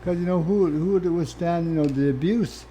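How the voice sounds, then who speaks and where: An older man from Canada speaks as an interview guest, his mellow, warm-toned voice moving between hushed reflection and sudden animated bursts. He talks plainly and earnestly about his own life. A faint hiss sits under the recording. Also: on the high side, a little fast. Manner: earnest, plain-spoken, swings from quiet to animated. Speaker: interview guest, former First Nations chief. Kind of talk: candid personal storytelling.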